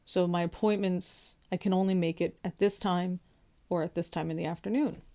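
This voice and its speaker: A woman's voice: lowish voice, steady tone, normal speed, dark tone. A young adult woman, a veteran, telling a story in a casual rant, exasperated and sarcastic, full of rhetorical questions.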